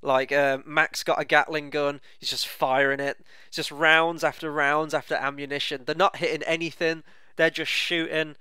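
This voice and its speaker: A man co-hosting a casual film review chat, relaxed and rambling. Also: on the high side, normal speed, clear, resonant tone, no echo. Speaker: film club co-host.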